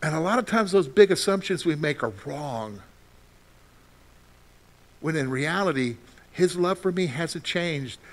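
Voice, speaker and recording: A male pastor with a high-pitched voice delivers a sermon. He talks animatedly, jumping from loud bursts to hushed, gentle lines. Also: measured pace, pauses often. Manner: animated, swings from loud outbursts to soft quiet lines.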